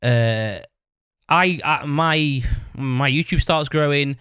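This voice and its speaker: This podcast host speaks slowly in a fairly high, fairly bright, clean voice, recorded dry. He tells a rambling, casual story, swearing constantly and ending his sentences with "right?".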